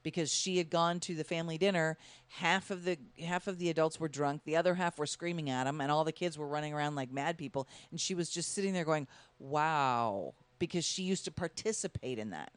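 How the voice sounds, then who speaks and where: A woman's voice: sits low, brisk, few pauses, clear, resonant tone, dry recording. A woman sharing a personal story in a casual conversation, laughing often as she talks.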